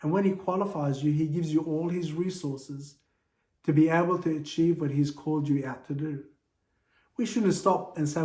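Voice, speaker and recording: Guy preaching in church, kinda high voice, earnest, lots of room echo. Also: normal speed, darkish tone. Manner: earnest, exhorting. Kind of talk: sermon.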